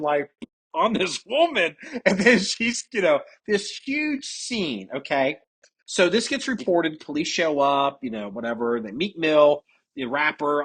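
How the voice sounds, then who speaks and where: Husky-voiced man hosting a podcast. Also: sits high, a bit bright. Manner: reads news stories aloud, laughing and joking. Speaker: podcast host. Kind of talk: casual podcast chat.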